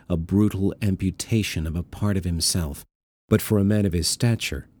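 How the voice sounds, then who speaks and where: Male audiobook narrator, very deep voice, mellow, measured and deliberate reading. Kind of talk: scripted narration.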